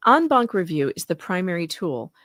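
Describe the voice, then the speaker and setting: Woman co-host reading legal stuff, super animated ups and downs, lots of laughing, dry close sound. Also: on the low side, normal speed, no room sound. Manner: lively, laughs often, teasing. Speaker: podcast co-host. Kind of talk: casual legal commentary, reading court filings aloud.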